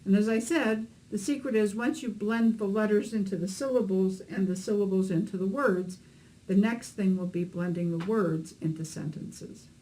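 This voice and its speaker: A woman with a mid-range, dark-toned voice teaches beginners to read Hebrew at a moderate pace in an instructional lesson narration. She explains letters and vowels patiently with a few fillers, though the recording is rough.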